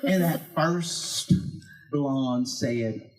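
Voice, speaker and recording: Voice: medium pitch, very slow. A performer playing a chatty, folksy church lady, a woman who rambles through stories and laughs through her lines at a live karaoke night. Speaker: stand-up comic character. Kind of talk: live stand-up storytelling. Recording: loud background noise, clicking.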